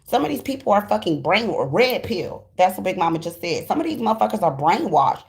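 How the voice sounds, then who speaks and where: A woman's voice: medium pitch, very animated. A woman giving a casual tarot reading to her viewers, in a blunt, profane and emphatic voice full of slang. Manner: slangy and fast-flowing, acts out quoted voices. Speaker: tarot reader.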